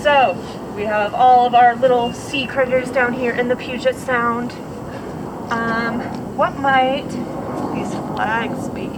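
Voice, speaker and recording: Woman, educator, friendly, slow pace, higher voice, noisy background. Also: steady tone. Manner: friendly, laughs easily, asks students questions. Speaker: station educator. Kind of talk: hands-on classroom lesson.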